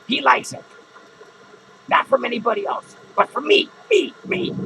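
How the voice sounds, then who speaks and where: A man's voice: high-pitched, vocal fry, background noise, exaggerated voice. A man playing a drunken, foul-mouthed, hot-tempered male clown who slurs, rambles and swears. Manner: slurring, rambling, swearing constantly. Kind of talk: improvised character comedy monologue.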